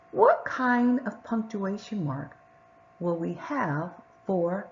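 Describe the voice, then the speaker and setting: A woman teacher giving a patient reading lesson to young children, sounding out words and reading sentences slowly and clearly. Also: mid-range voice, big pitch swings, darkish tone, dull audio, slight background noise.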